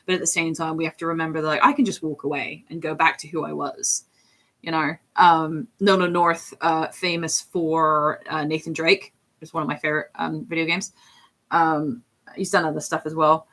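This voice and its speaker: A woman's voice: sits low, a bit bright. Woman rambling casually on a drawing stream. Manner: rambling and chatty, with many fillers. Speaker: streamer and hobby artist. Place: home office.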